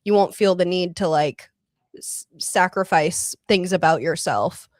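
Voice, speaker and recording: A married woman joining a talk show, speaking in a calm, measured way. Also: fairly low pitch, no room sound, clean studio sound. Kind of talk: casual conversation.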